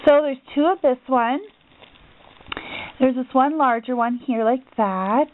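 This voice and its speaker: A young woman with a high voice gushes and gasps through a package-opening vlog. Her talk bursts with excitement over each item. The sound is thin and tinny, like a phone line. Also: a little slow, slight background noise. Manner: gushing, excitable, gasps often. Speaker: crafting vlogger.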